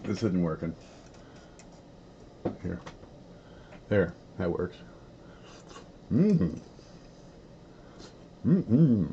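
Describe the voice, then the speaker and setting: A man's voice: sits low, sing-song, extremely slow, long pauses. A man hosting a coin collecting channel, chatting casually in a folksy, rambling way while he eats on camera with his mouth full. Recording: dull lo-fi sound with faint background noise.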